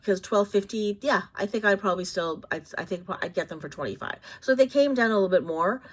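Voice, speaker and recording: A woman vlogging casually about products, rambling with many fillers and quick self-corrections. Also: mid-range voice. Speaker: vlogger reviewing bags.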